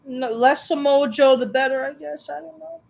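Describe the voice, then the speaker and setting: Sarcastic woman host, bit high-voiced, curse-heavy rant, dismissive. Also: moderate pace, gravelly, a little mellow, rough recording. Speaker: wrestling show reviewer, channel host. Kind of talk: profane ranting recap.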